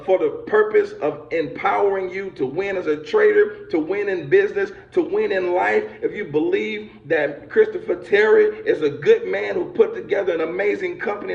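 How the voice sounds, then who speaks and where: Man, high gravelly voice, rousing motivational speaker with preacher fervor; echoey, lo-fi video call. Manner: builds to shouting, preacher-like fervor.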